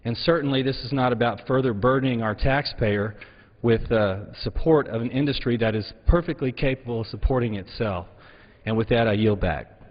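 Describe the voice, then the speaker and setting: A man of ordinary pitch makes a measured, earnest floor speech. His voice carries the long reverb of a large chamber. The broadcast audio is dull. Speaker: congressman giving a floor speech.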